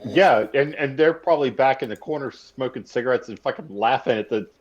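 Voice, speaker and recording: A man's voice: mid-range voice, brisk, lo-fi sound. A man chatting casually on a podcast panel, hesitant, with many fillers. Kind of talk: casual chat.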